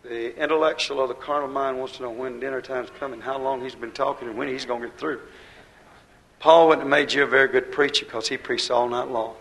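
A man preaching a sermon in a folksy way, talking straight to the congregation and swinging between loud emphatic bursts and low, quiet drops. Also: fairly even intonation, a little fast, rough recording. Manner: folksy, addresses the congregation directly.

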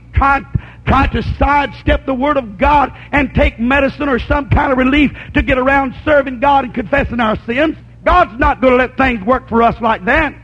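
A male preacher with a strikingly high voice delivers a sermon, stretching out key lines and rising into shouts. He keeps asking his listeners whether they agree. The recording sounds dull and lo-fi. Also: slightly rough. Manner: asks the congregation for agreement.

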